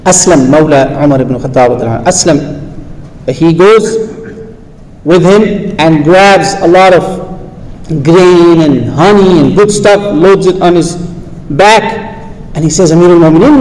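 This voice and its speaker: A man preaching a sermon to an audience, telling stories with animated delivery and acting out the quoted voices. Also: high-pitched, a little slow. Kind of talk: sermon storytelling. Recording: reverberant hall with faint background noise.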